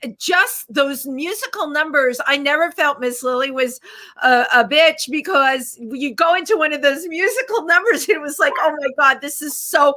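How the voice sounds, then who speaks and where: A woman with a high, bright voice hosts a casual talk show interview. She chats with her guest and keeps him going with short, encouraging reactions. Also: normal speed. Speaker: host.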